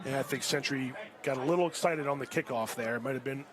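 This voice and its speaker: A man calling a high school football game play by play, getting louder and higher on big plays. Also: quick pace, noisy background. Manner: rises sharply in pitch and volume on big plays. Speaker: play-by-play announcer. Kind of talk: live sports commentary. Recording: crowd and music behind. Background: crowd and music.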